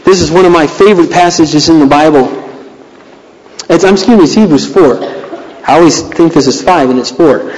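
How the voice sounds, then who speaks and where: Animated man preaching in an echoing hall. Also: a little high, moderate pace. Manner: animated, dramatic reading of scripture. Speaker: pastor. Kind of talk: sermon.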